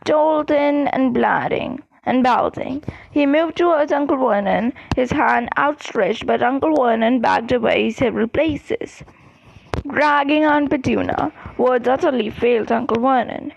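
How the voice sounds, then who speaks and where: A woman reading a storybook aloud in a steady, plain way, with the odd slip. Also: high-pitched, unhurried, creaky, highs cut off. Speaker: audiobook reader. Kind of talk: storybook narration.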